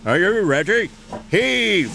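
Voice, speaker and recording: A man's voice: a little high, big pitch swings, slow, noisy background, voice pushed up. A man voicing a stern, portly railway boss who speaks in a reproving, commanding way.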